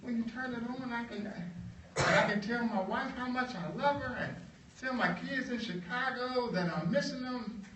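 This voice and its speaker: Brief: man playing a shy farmhand, high soft voice, heard from across a roomy hall. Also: moderate pace, distant mic, noisy background. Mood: wondering. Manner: high, soft, wondering, hesitant. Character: humble, timid male farmhand.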